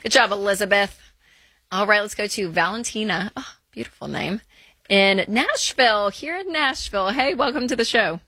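A woman's voice: medium pitch, animated, normal speed, bright, forceful tone, dry recording. A woman from Nevada co-hosting a call-in money advice show, encouraging and enthusiastic with callers. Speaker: radio advice show co-host. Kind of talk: casual call-in advice chat.

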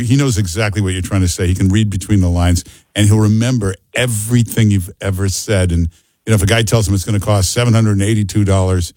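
A man's voice: on the low side, mellow, no echo. A man hosting a talk radio show, brash and teasing with callers and co-host. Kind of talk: casual talk radio banter. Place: radio studio. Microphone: studio microphone.

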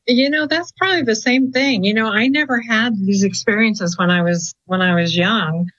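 A woman's voice: on the high side, normal speed, fairly bright tone, no room sound. A chatty woman in an interview who rambles through her stories with plenty of "you know"s. Her voice comes through a muffled, lo-fi recording and sounds close and dry, with no room around it. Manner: chatty and storytelling, with many fillers. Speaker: client coordinator of a ghost-hunting group. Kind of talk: casual interview chat.

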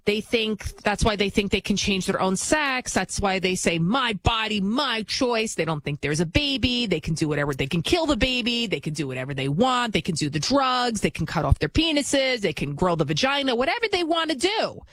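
A woman filling in as host of a talk show, delivering an animated, opinionated monologue full of anecdotes. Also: medium pitch, a little fast, few pauses, no echo. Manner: animated storytelling, acts out quoted voices.

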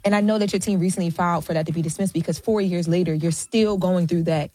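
A woman interviewer asking measured, prompting questions in a casual interview. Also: lowish voice, steady tone, dark tone.

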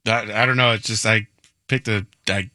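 A man's voice: on the low side, fairly even intonation, moderate pace, pushed and bright, no echo, studio quality. A man chatting on a talk show in a laid-back way with short answers. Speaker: show regular. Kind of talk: casual talk-show chat.

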